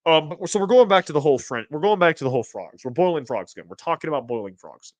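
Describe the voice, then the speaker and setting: A man hosting a casual livestream, reading chat aloud and rambling, with restarts and sudden excited jumps in pitch. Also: fast, dry recording. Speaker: streamer host reading chat.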